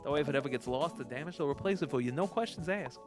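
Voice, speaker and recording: A man doing a gentle motherly crab lady. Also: on the high side, expressive, racing, over music, pitched below the performer's own voice, lightly acted. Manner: gentle, reassuring. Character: kindly motherly female crab, soft-spoken.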